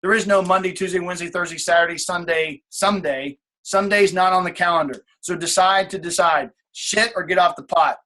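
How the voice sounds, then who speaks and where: With a high, pushed, bright voice, a man in his late thirties races fairly quickly through a motivational team call, barely pausing. He's blunt and casual, swears freely, and keeps circling back to his key points.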